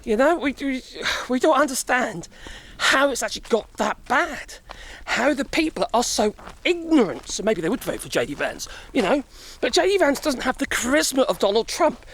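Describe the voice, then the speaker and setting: Middle-aged vlogger man, high and lively voice, breathless on a woodland walk, rambles and swears with chuckles. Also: moderate pace. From Europe. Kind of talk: casual rambling chat. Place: outdoors walking in woods.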